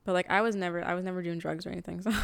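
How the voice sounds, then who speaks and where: A woman's voice: lowish voice, gravelly, smooth. Casual swearing young woman telling stories. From Toronto area, Canada. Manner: casual, swears a lot, animated storytelling. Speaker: podcast co-host. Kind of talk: casual storytelling chat.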